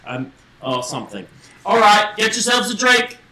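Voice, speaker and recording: A man's voice: high voice, big pitch swings, normal speed, pushed and bright. Theatrical, swearing man hosting a mock feast. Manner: theatrical, crude and swearing, calls people love and mate. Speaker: livestream host playing a wedding host. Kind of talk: improvised role-play on a livestream.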